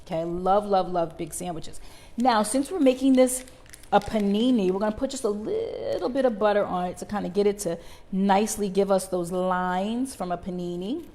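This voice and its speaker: A woman's voice: mid-range voice, normal speed, mellow. A middle-aged woman, hosting a live cooking stream from her home kitchen and chatting with viewers. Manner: chatty, addresses viewers as y'all. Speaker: cooking show host. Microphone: connected microphone, moving around the house.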